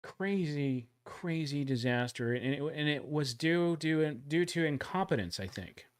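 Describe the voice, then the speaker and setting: A man hosting a casual livestream trivia giveaway, joking around and calling out loud countdowns. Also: a little high, a little slow, over loud music. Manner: jokey, animated, loud countdowns.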